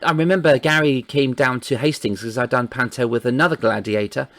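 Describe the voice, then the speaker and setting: A man's voice: medium pitch, fairly even intonation, brisk, a bit bright. A man hosting a casual chat, laughing often as he reminisces about old shows. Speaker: podcast host.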